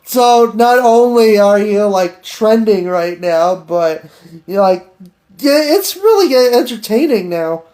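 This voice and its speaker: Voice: medium pitch, lively intonation, slow pace, a little mellow. A podcast host in their thirties chatting casually, teasing playfully with slang and filler words. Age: 30s. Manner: slangy and playful, with lots of fillers and laughing asides.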